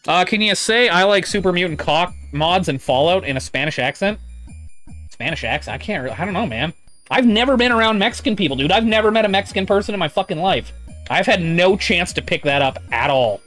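A man with a high, slightly bright voice live-streams a game, chatting casually and rambling. He reads chat aloud and swears often.

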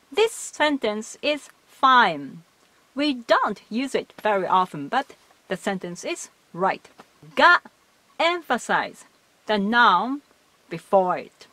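Woman teacher, slow careful explaining, lively up and down pitch. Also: no echo. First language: Japanese. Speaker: language teacher. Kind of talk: explanatory lesson.

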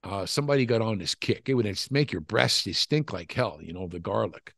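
A man's voice: fairly low pitch, fairly quick, creaky, dry recording, clean studio sound. An older man telling rambling, profane stories from his wrestling days in a casual interview. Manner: profane, rambling, animated storytelling. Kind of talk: casual storytelling.

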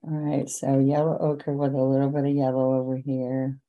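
A woman teaching a painting lesson, giving gentle, chatty step-by-step guidance as she works. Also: rumbling low, level tone, moderate pace, phone-quality sound. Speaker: painting instructor. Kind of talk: relaxed painting demonstration.

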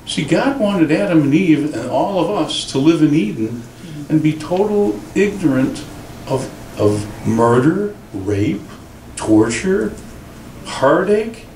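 A man, a pastor, preaching a sermon in an animated, storytelling way in a church. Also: a little high, unhurried, a little hiss or hum. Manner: animated storytelling with acted quotes. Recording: roomy church sound from a distant mic.

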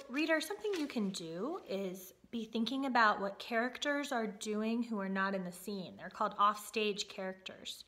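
A woman's voice: medium pitch, a bit bright. A woman teacher speaking casually to her students after a read-aloud, with frequent ums. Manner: casual, with fillers and um.

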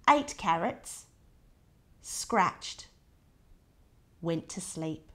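A woman reading a picture book aloud to a child, in short diary entries with soft asides pointing things out. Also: lowish voice, expressive, drawn-out words, pauses often.

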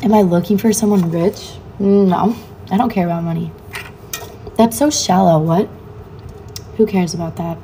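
A woman's voice: on the low side, normal speed, pauses often, mellow, a little hiss or hum. A young woman, a student, chatting casually on a phone livestream, reading viewers' comments aloud and answering them offhandedly. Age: young adult.

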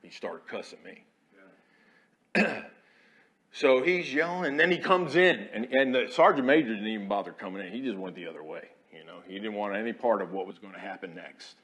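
Bright-voiced man preaching. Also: fairly low pitch, lively intonation, moderate pace. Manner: folksy, swings from quiet asides to loud declarations. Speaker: Army chaplain guest preacher. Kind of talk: storytelling sermon. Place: church sanctuary.

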